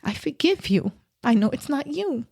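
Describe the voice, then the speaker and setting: A woman's voice: sits high, very animated, normal speed, creaky, darkish tone, dry recording, clean studio sound, voice pushed up, heavily acted. A woman voicing her frightened, forgiving mother in a pleading tone. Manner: pleading, tearful tone.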